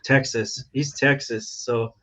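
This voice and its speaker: A man's voice: mid-range voice, fairly even intonation, slow, fairly bright tone. An American man who is a veteran and podcast guest, talking casually, with lots of "dude" and "like". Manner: laid-back, uses "dude" and "like" often.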